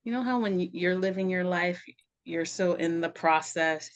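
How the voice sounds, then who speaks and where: The guest is a middle-aged woman, a somatic practitioner, whose voice sits low and moves at a moderate pace. She talks loosely and reflectively on the podcast, laughing frequently and using "like" often.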